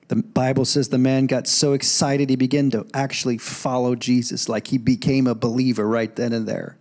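A middle-aged man preaching a sermon in a church, animated, breaking into loud calls when he quotes. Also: mid-range voice, normal speed. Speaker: pastor. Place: church sanctuary.

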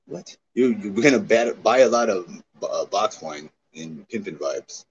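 A man livestreaming in casual chat, profane and excitable, reacting to his chat. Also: lowish voice, a little slow. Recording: dull lo-fi stream audio, faint noise.

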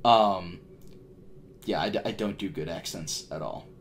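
A man's voice: sits low, unhurried. A young man hosting a TV reaction video, talking in a casual, rambling, self-deprecating way with frequent restarts. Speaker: reaction channel host.

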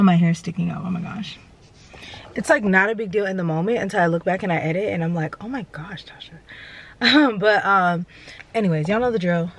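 A young woman vlogging casually to a handheld camera, rambling and chatty, tired and a little out of breath. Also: lowish voice. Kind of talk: casual vlog chat to camera.

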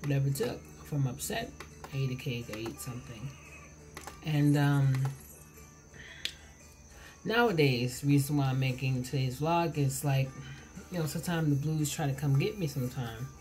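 A woman's voice: low-pitched, moderate pace, a little mellow, soft background music. A woman in her forties vlogging at home while eating, rambling and chatty, recorded on her camera. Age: 40s. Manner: rambling, self-interrupting, chatty. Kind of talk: casual vlog while eating. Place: home, indoors. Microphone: camera mic.

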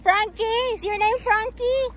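A woman's voice: extremely high pitch, measured pace, fairly bright tone. A woman talking to dogs at the beach in a sing-song baby-talk voice, giggling between lines, filmed on a phone outdoors. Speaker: dog owner filming at the beach. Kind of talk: casual chat and dog talk. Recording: outdoor wind and water noise.

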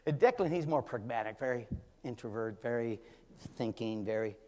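An older man, a pastor, preaching a storytelling sermon that swings from quiet talk to shouting, in a church. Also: mid-range voice, moderate pace. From California. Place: church sanctuary. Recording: church hall with long reverb.

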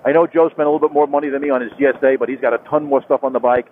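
A man chats while riding his motorcycle, rambling and circling back with plenty of "uh"s and restarts. His voice sits at an ordinary middle pitch. The sound is thin and phone-like from a helmet mic, with faint road hiss underneath. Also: fairly even intonation, rapid-fire. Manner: rambling, repeats himself, many fillers and restarts. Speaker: motorcycle vlogger. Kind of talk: casual talk while riding. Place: on a motorcycle on a rural highway.

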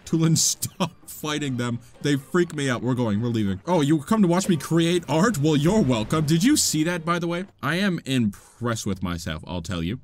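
A young man doing casual Let's Play commentary, goofy and self-mocking, swinging between loud yelps and low mutters. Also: animated, moderate pace, hardly any pauses. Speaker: gaming YouTuber.

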